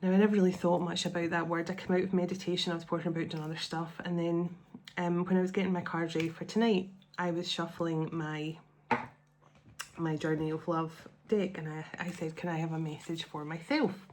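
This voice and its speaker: A woman's voice: on the low side, level tone, fairly quick, darkish tone, slight background noise. A woman hosting a spiritual tarot channel, talking to her viewers at home in a casual, heartfelt and emotional way, often restarting her sentences. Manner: emotional, rambling, with many restarts.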